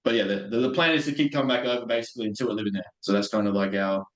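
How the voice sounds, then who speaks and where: A young Australian man hosting a podcast in casual chat, upbeat and quick to laugh. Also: lowish voice. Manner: laughs often, upbeat and chatty. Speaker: podcast host. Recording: roomy echo.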